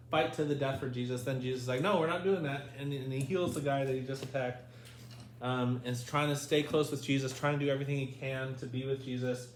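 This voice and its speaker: A man leading a Bible study lesson, asking his group questions and reading scripture aloud. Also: mid-range voice. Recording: echoey room with faint noise.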